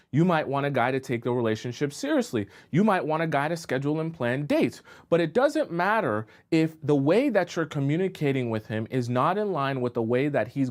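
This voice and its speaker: A man talking as a dating coach on a live-stream advice show, conversational and often checking in with his audience. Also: on the high side. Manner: conversational, checks in with rhetorical questions.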